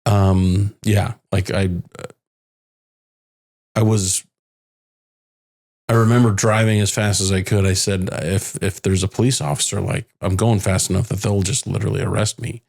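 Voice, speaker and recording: A man with a deep, gravelly voice tells a painful family story on a podcast. He talks haltingly, circling back and restarting sentences, and quotes what others said to him. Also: little pitch movement, a little mellow. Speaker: bereaved father, podcast guest. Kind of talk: emotional personal storytelling. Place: home in the Phoenix area.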